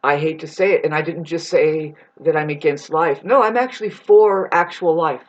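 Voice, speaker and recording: A woman's voice: sits low, normal speed. A woman vlogger in a casual, rambling monologue who swears now and then and calls her listeners "babes.". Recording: dull lo-fi recording.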